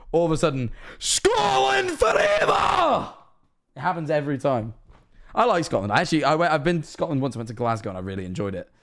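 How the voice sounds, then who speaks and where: A young man from England with an English accent, chatting casually on a livestream, rambling, joking and swearing. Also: medium pitch. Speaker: streamer. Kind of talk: casual livestream reaction chat.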